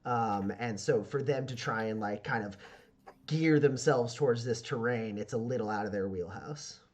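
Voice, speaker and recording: A man's voice: medium pitch, normal speed. Rambling game master man. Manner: rambling, filler-heavy, full of "like". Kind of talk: narrating a tabletop game.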